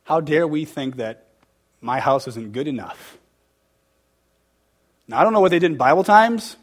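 A man's voice: fairly high pitch, expressive, normal speed. Emphatic man preaching to a group. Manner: conversational and emphatic, quizzing the audience; gets heated and emotional. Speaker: church teacher leading a group. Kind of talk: interactive sermon.

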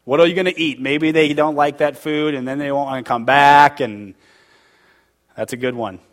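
A man's voice: fairly high pitch, fairly even intonation, moderate pace. Emphatic man preaching to a group. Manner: conversational and emphatic, quizzing the audience; gets heated and emotional. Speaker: church teacher leading a group. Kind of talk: interactive sermon.

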